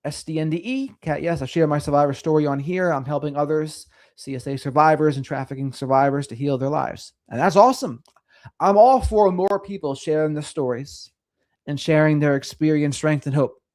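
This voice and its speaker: Middle-aged guy doing a chatty livestream, sing-songy, voice a bit on the high side. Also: a little fast. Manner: sing-songy, lively delivery. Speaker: livestream host. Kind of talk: casual livestream chat reading comments.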